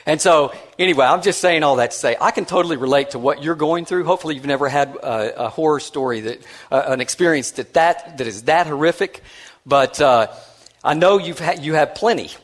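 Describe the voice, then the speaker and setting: A man's voice: a little high, brisk. A man giving a conference keynote and telling a story. His talk is conversational and self-deprecating, with many restarts, and he acts out the voices of the people he quotes. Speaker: conference speaker.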